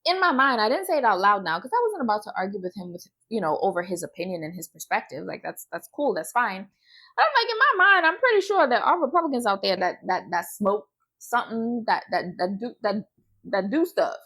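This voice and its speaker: A woman's voice: medium pitch, fairly quick, slightly rough. A woman hosting a casual chat about a TV show. She talks to her viewers directly and drives her points home with a repeated "okay?". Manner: animated, emphatic, keeps adding "okay?"; addresses viewers directly as "y'all". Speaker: host reviewing a TV show.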